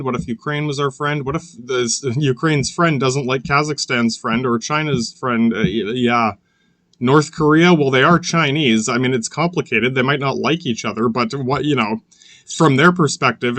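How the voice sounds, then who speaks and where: A man's voice: medium pitch, a bit bright, no room sound. A man hosting a podcast, rambling through political commentary in a profane, sardonic way, full of "yeah, yeah" fillers and restarts. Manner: sardonic, mocking. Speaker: podcast host.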